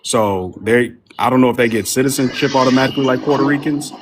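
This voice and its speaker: A man's voice: mid-range voice, fast talker, background noise. A man co-hosting a heated live panel debate on an online call, grilling and cutting off a caller. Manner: combative, interrogating. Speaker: panel co-host.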